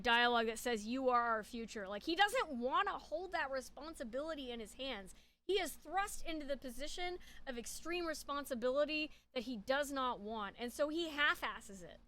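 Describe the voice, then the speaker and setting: A woman talks through a character analysis in a chatty, rambling way, full of fillers and restarts. Her voice sits high and sounds bright and forceful. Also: lively intonation, normal speed. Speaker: speaker giving a character analysis. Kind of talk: casual spoken analysis.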